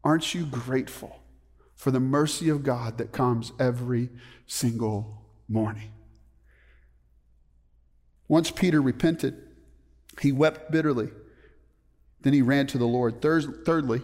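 A man's voice: medium pitch, a little slow, pauses often, darkish tone. A man preaching a sermon as a pastor, emphatic, often putting questions to the congregation. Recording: long reverb of a large hall.

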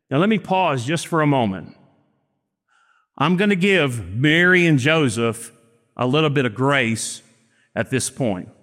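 A middle-aged preacher with a fairly high voice delivers his sermon in a church, his words trailing off into a long reverb. He slows down for emphasis and acts out the dialogue in his stories. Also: a bit bright. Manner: storytelling with acted-out dialogue, slow emphatic phrasing.

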